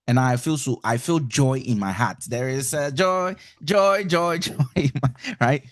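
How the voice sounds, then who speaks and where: A Ghanaian man teaches couples about feelings in a loose, conversational way, stacking repeated words to drive a point home. His voice sits at an ordinary middle pitch. The recording is close and dry, with no room echo. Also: a little slow, hardly any pauses. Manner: mixes Twi and English, repeats words for emphasis. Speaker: relationship teacher. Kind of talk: informal lecture.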